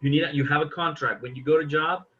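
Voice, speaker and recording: A man's voice: a little high, steady tone, fast, fairly bright tone, highs cut off. A man teaching an English class online, patiently correcting his students' examples.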